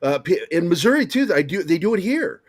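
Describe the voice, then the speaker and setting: A man's voice: high voice, sing-song, brisk. A Southern man from Virginia tells swearing, blunt anecdotes in an online group chat. His voice sounds close and dry, with no room echo. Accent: American Southern. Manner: blunt, profane storyteller. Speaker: podcast panelist, army veteran. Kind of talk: casual storytelling.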